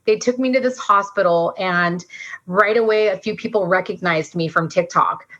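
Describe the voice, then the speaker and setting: A woman in her forties recounts her own story as a podcast guest, rushing along with earnest feeling and lots of "like". Her voice is bright and forceful. The recording sounds dull and lo-fi. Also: medium pitch. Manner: fast, earnest, says "like" a lot. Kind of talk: emotional storytelling.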